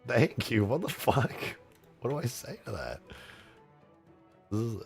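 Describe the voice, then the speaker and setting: Young male streamer, gravelly fried voice, wildly swooping pitch, hyped and cursing while reading tips, faint music behind. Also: a little slow. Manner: excitable, swearing, laughing between lines. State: straining a tired voice. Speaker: streamer and game modder.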